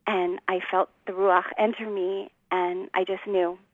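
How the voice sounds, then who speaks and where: A woman's voice: mid-range voice, level tone, a little slow, dry recording, narrow, tinny audio. Earnest woman telling her testimony. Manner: earnest storytelling, acts out quotes, laughs often. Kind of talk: personal testimony in a conversation.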